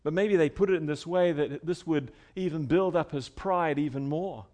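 A man with a high, light voice delivers a sermon. He talks to the congregation in a conversational way, sliding between quiet asides and loud, emphatic runs. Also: normal speed. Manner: conversational preaching, swinging from soft asides to loud emphatic bursts. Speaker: pastor.

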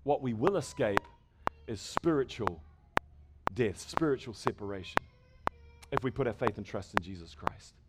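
At a church service, a man preaches emphatically to the congregation and asks it rhetorical questions. He's a pastor with a lowish, animated voice at a moderate pace; loud background noise and clicks mar the recording.

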